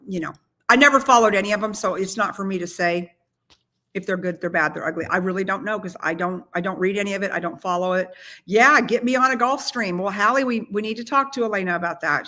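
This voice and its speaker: Bright-voiced energetic woman coach. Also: mid-range voice. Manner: energetic, rambling, many restarts and asides. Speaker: real estate team leader and coach. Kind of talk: casual motivational livestream talk.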